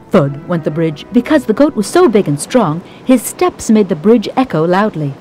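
A woman reading a scripted travel documentary narration in a measured storytelling manner. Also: mid-range voice, big pitch swings, mellow, faint music behind.

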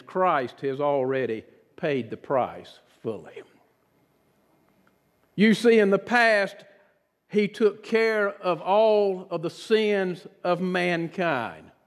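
A man preaching a sermon as pastor, earnest and dramatic, dropping often to a hushed voice. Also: high voice. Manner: earnest, dramatic preaching with sudden drops to a hush. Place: church sanctuary. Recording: reverberant church sanctuary.

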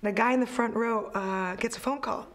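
A woman, a stand-up comedian, recalling a story in an interview, acting out a loud caller and laughing. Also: on the high side, moderate pace. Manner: lively, acts out a caller, bursts of laughter. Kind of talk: anecdote in a documentary interview.

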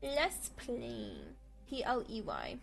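A woman's voice: a little high, huge pitch swings, takes it slowly, gravelly. A woman streaming games, chatting casually with a playful, giggly manner and cutesy baby talk. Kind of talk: casual livestream chat. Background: faint background music.

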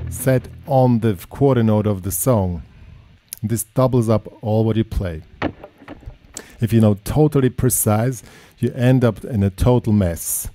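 A man giving a casual guitar lesson, talking in a relaxed, chatty way and counting in and scatting rhythms. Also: on the low side. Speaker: guitar teacher. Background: electric guitar playing.

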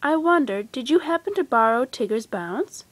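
A woman reading aloud and voicing Pooh, a gentle, polite little bear in a storybook. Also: high-pitched, lively intonation, normal speed, no echo. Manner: polite, mild.

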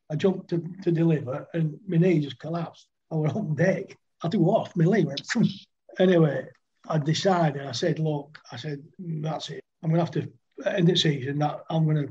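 A man's voice: on the high side, mellow, breathy edge, highs cut off. Older man telling rambling anecdotes. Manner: rambling anecdotes, laughs often. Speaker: guest, former cricketer. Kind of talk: casual storytelling.

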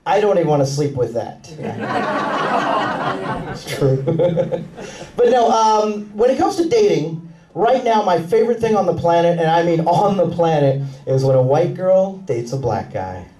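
A man doing a stand-up comedy set with a punchy, animated delivery and quick put-on voices. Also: on the high side. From Mexican family roots. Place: comedy club on stage. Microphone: handheld stage mic. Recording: roomy club sound with laughing crowd, taken from far off. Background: audience laughter.

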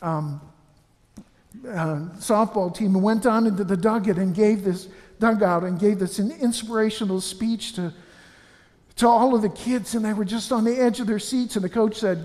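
A man's voice: sits high, normal speed, darkish tone. A man giving an earnest funeral homily in a church, telling stories and often restarting his sentences. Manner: earnest, anecdotal, frequent restarts. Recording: reverberant church.

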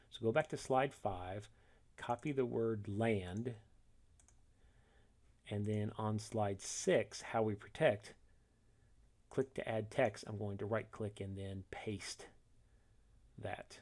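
A man walking through a software tutorial step by step, reading each instruction and then demonstrating it, correcting himself along the way. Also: on the low side, slow pace, long pauses. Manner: methodical, reads steps then demonstrates, self-corrects.

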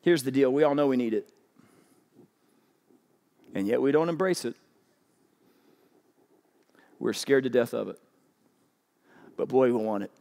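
A man preaching a sermon as pastor, animated and urging his congregation to respond. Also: a little slow, vocal fry, long pauses. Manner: animated, urging the crowd with rising pitch. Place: large church auditorium. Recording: long hall reverb.

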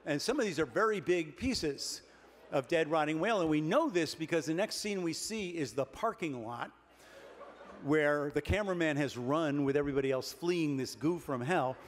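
An older man giving a comic keynote speech at a dinner, deadpan and wry, building his jokes with pauses. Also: a little high. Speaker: keynote speaker. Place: large banquet hall with a dinner audience. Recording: reverberant banquet hall, faint room noise.

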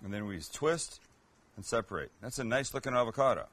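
A man's voice: medium pitch, brisk, heavy background noise. A man hosting a cooking show, chatting casually and joking with self-mocking asides as he cooks. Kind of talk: casual cooking demo chat.

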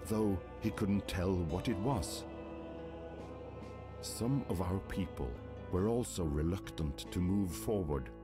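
A deep-voiced Viking chief narrator. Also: male voice. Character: solemn male Viking clan chief. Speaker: game narrator. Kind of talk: scripted narration. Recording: narration over game music.

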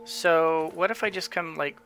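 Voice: medium pitch, fairly even intonation, normal speed, a bit bright, soft background music. A gamer giving casual gameplay commentary, rambling with frequent restarts and chuckling to themself. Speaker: let's play gamer.

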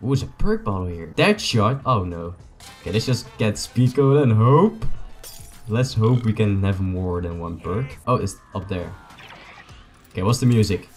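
A young man, a native Dutch speaker, gives excitable, joking, rambling commentary to his viewers as he plays a video game. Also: on the low side, normal speed, faint music behind. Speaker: gaming YouTuber. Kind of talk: casual gameplay commentary.

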